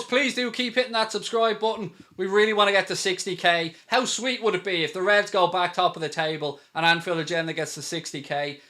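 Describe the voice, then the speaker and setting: A man hosting a live football watchalong, calling the play and reading out viewer super chats, getting excited at big moments. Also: high-pitched. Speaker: watchalong host. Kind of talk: live match commentary and chat.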